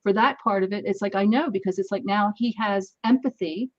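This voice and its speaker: A woman spins parenting anecdotes in a relaxed interview. She jumps into the voices of the people in her stories. The sound is a bit dull and muffled. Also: medium pitch, fairly quick. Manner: animated anecdotes, acts out dialogue. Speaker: guest, energy healer. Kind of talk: casual storytelling in an interview.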